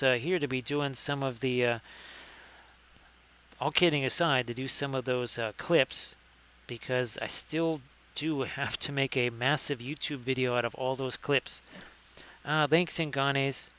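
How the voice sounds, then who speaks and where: A man's voice: mid-range voice, unhurried, a bit bright, slight background noise. A man hosting a casual live painting stream, chatty and jokey with lots of fillers as he greets viewers.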